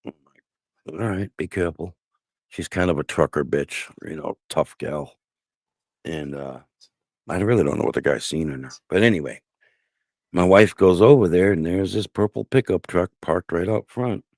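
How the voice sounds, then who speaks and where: A man's voice: deep voice, moderate pace, pauses often, a little mellow, no echo, clean studio sound. A man telling a personal family story in casual conversation, blunt and profane. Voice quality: gravelly. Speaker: guest telling his life story.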